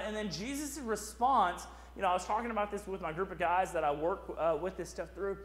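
A man's voice: sits high, brisk, hardly any pauses, fairly bright tone. A man preaching a sermon as pastor, in a conversational style full of "right?" asides. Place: church sanctuary. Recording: echoey church hall.

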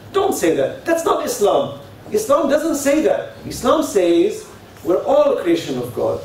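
A man giving a religious lecture, telling stories and acting out both sides of conversations. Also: high voice. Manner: animated storytelling, acting out dialogues. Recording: very echoey hall, speaker far from mic, faint hiss.

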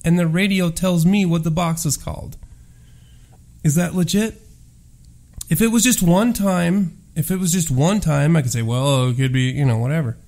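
A man's voice: high voice, normal speed, creaky, long pauses, darkish tone. A man hosting a paranormal audio show, ranting in a profane, rambling, emphatic monologue.

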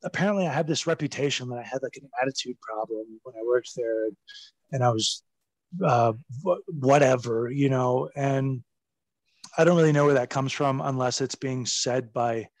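A man telling backstage stories as a guest in a casual interview, animated and profane, laughing as he goes. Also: mid-range voice, normal speed, no room sound. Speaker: guest recounting his wrestling career.

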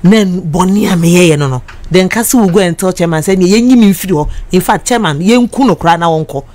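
A Ghanaian woman crying as she speaks on the radio, halting and repeating herself as she slips between English and Twi. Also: fairly low pitch, darkish tone. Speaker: radio guest. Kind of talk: emotional on-air confession.

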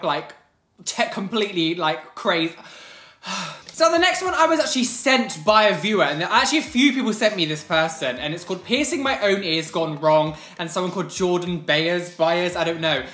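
A woman's voice: on the low side, expressive, a little fast, a bit bright. A woman hosting a reaction video, chatting casually with shocked exclamations and outraged asides. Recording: echoey room.

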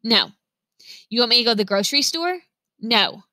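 A woman reading aloud who voices a patient, puzzled father, asking gentle questions in her own bright voice. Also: on the high side, lively intonation, moderate pace, no echo. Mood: frustrated.

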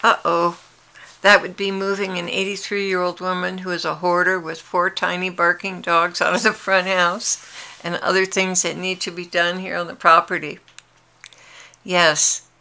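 A woman's voice: fairly low pitch, level tone, moderate pace, vocal fry, pushed and bright. A woman speaking earnestly and intimately in a devotional monologue, confessing openly to her listeners.

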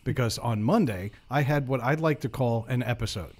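A man's voice: medium pitch, moderate pace, a little mellow. A man hosting a podcast, joking and swearing through a casual group chat with friends. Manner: profane, joking. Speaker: podcast host.

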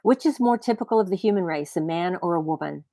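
A woman's voice: on the low side, animated, quick pace, mellow, no room sound, clean studio sound. A woman voicing a smug, mischievous male talking cat who speaks grandly and with self-satisfaction.

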